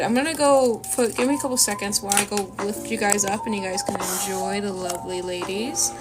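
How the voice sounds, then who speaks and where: A woman chatting casually and rambling to viewers while she draws, sniffly from a runny nose. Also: medium pitch. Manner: chatty, rambling, self-deprecating asides. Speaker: art streamer. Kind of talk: casual chat while drawing. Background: lofi music.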